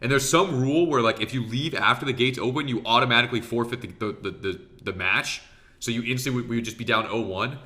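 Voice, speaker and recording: A man giving a casual, excitable commentary on his own match, swearing freely and talking straight to his viewers. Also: mid-range voice, fast. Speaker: professional arena player reviewing his match.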